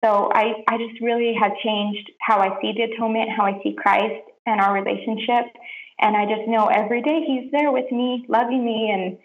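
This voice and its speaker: A young woman, a podcast guest, sharing a heartfelt personal testimony in an earnest, soft-spoken way with lots of "like" fillers. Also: fairly high pitch, steady tone, moderate pace. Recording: roomy, dull lo-fi podcast audio.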